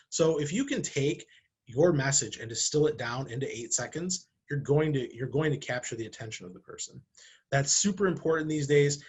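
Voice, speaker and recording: Husky-voiced man explaining marketing. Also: medium pitch. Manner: conversational, explaining with rhetorical questions and acted examples. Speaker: marketing director. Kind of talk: talking-head marketing video. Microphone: camera, speaking to camera.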